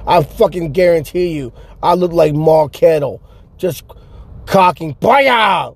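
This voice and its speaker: A man's voice: a little high, steady tone, unhurried, darkish tone, no echo. A man rambling through a story from his car, cursing a lot and stumbling over his restarts. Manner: profane, stammering restarts. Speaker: vlogger telling stories. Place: car stuck in traffic. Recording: road noise from traffic.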